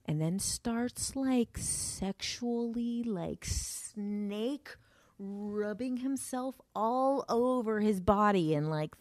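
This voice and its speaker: A woman's voice: medium pitch, slow, darkish tone, no room sound, studio quality. A woman telling a personal story in a casual way, with many fillers and some swearing. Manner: filler-heavy, swears, vivid retelling. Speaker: storyteller recounting an encounter.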